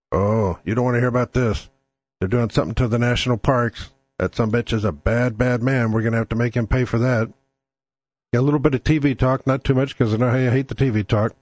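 A man's voice: mid-range voice, a little mellow, no echo. A man hosting his own talk show, talking bluntly and combatively with plenty of swearing. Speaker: podcast host. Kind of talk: casual political talk.

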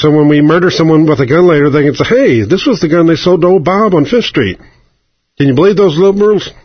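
A man voicing an excitable older gun-lobby man who rambles in indignant, rising complaints, over a dull, dry radio broadcast. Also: fairly high pitch, husky, no echo. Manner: fast, rising, whiny indignation.

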